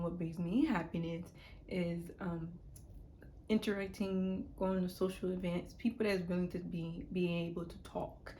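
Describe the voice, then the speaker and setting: A woman's voice: on the low side, warm tone, a little hiss or hum. Rambling young woman vlogger. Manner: rambling, repeats words, drops to a whisper at times. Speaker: YouTuber. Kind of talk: casual self-help monologue.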